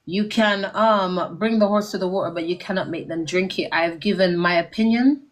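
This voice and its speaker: Measured woman giving advice. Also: fairly low pitch. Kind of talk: casual interview.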